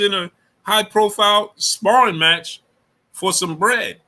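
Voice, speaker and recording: A man's voice: high-pitched, measured pace, sharp tone. A man hosting a casual sports talk livestream, speaking in loose slang and greeting viewers from the super chat between his takes.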